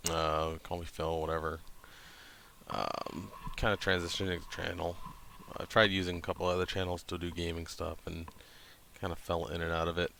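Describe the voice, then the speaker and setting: A man in his thirties from New Hampshire, talking casually to camera in a flat, monotone way with lots of hesitant ums. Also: sits low, moderate pace, gravelly, a little hiss or hum. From New Hampshire, USA. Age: 30s. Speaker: channel host.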